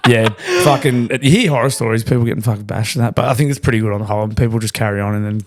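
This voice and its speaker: Young Aussie co-host, rapid-fire delivery, sweary, quick agreeing replies. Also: male voice, fairly low pitch. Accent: Australian. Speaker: podcast co-host. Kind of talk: casual chat.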